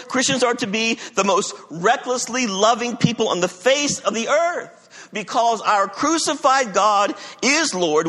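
A man preaching a sermon as pastor, emphatic, moving between loud declarations and quiet low passages. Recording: long reverb of a large hall.

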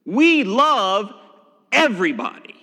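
Male pastor, sermon, high lively voice, bright tone, long church reverb. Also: takes it slowly. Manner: expressive, emphatic preaching with dramatic drops to a hush.

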